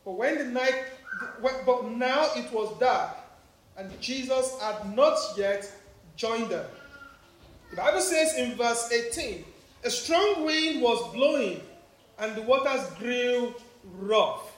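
Preaching slowly and with animation, a man with an African accent and an extremely high voice delivers a family sermon, asking the children and congregation questions to engage them. The recording has heavy church echo and faint background noise.

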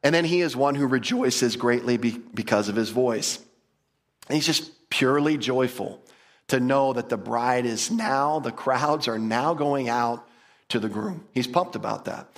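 A man teaching a Bible passage in a lively, conversational way, often repeating words and putting questions to his listeners. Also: medium pitch, unhurried. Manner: animated, enthusiastic, repeats words, asks the audience questions.

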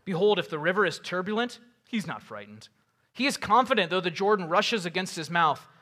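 A man preaching a sermon, reading scripture aloud and paraphrasing it in a casual, animated way with rhetorical questions. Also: high-pitched, fairly quick. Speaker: pastor.

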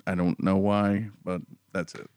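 A man's voice: low voice, flat delivery, unhurried, a little mellow, clear, resonant tone, no echo, clean studio sound. A man in casual chat who often breaks into laughter while talking. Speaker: podcast co-host.

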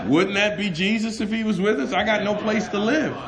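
A middle-aged man preaching a sermon, loud and animated, telling stories and laughing between them. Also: high voice, fairly quick, crowd noise. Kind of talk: lively storytelling sermon.

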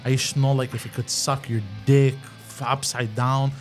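A man's voice: mid-range voice, level tone, moderate pace, faint music behind. A man hosting a casual live podcast, talking loosely with slang and swearing. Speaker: podcast host. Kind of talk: casual live-stream chat.

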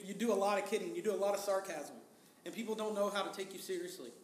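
A man preaches to his congregation in a loose, conversational way, firing off rhetorical questions and slipping into quoted lines. His voice sits high for a man. The sound rings in an echoey church hall with a faint hiss underneath. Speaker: pastor. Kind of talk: sermon.

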